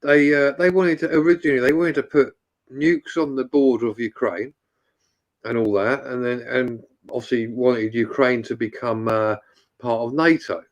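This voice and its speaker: A man's voice: medium pitch, fairly even intonation, moderate pace. A man joking and swearing in a casual live-stream chat.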